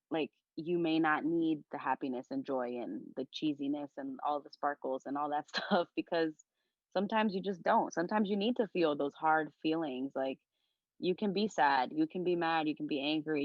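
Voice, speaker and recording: A woman's voice: deep voice, moderate pace, no room sound. A young woman chatting as a podcast guest, speaking earnestly and from the heart, with lots of "like" in her talk. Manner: earnest, heartfelt, leans heavily on "like". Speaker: podcast guest, content creator. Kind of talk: casual conversation. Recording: dull lo-fi recording.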